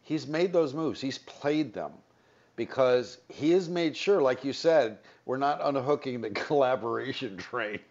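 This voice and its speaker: A man hosting a sports radio show, rambling and joking, quick to laugh. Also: mid-range voice, expressive, darkish tone. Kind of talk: casual sports radio talk. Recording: slightly dull radio broadcast audio.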